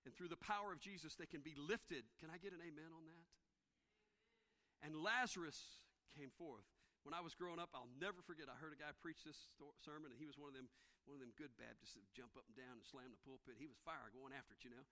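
A man preaching a sermon as pastor, folksy and conversational, swinging between loud preaching and hushed, soft passages. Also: fairly high pitch, fast. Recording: long hall reverb.

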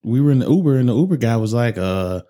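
Talking very fast, an animated man with a mid-range, dark-toned voice co-hosts a podcast where he reviews whiskey. It's a casual, meandering chat laced with swearing and fillers.

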